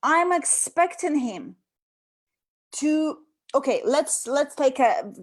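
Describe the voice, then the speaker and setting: High-voiced woman, animated chat, acts out nagging bits. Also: slow. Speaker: host. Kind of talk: casual talk on communication.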